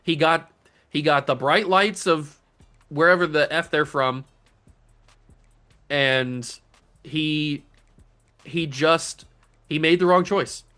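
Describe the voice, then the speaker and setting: A young man commentating his own football video game, slipping into melodramatic, exasperated rants. His voice sits somewhat high for a man, with faint music playing underneath. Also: slow pace, long pauses, pushed and bright. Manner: melodramatic, ranting, exasperated outbursts. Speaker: gaming channel host.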